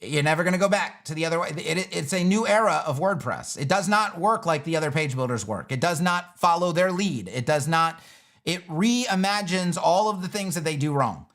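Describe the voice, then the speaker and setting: Animated, emphatic man hosting a casual stream. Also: a little high. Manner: animated, emphatic, swears casually, acts out users in quick voices. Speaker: web design educator and livestream host. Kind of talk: casual livestream Q&A.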